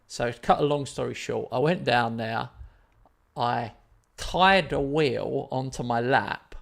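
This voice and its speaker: A man's voice: medium pitch, expressive, moderate pace, vocal fry, fairly bright tone. A man telling a story in casual chat on his live stream, rambling and self-deprecating.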